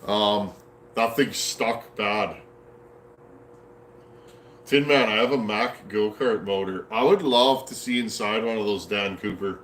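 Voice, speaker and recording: Speaking slowly with long pauses, a man from Canada rambles folksily through a casual live stream, replying to viewer comments. He's a chainsaw builder in his home workshop with a Canadian accent and a lowish, fairly bright voice; the recording is roomy with a little hiss or hum.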